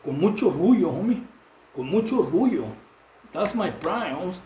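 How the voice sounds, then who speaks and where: A middle-aged Mexican man, a channel host, talks straight into his phone in a loose monologue to camera, heavy on street slang, fillers, and restarts, and quite repetitive. His voice is high-pitched and dark-toned, with lively intonation at a moderate pace. The recording is rough, with an echoey room and a little hiss or hum.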